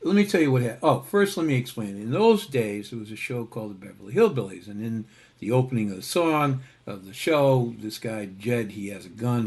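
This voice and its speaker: A man's voice: lowish voice, creaky, darkish tone. A man from Connecticut telling a story in a casual, wry, digressive way, full of asides. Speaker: storyteller host.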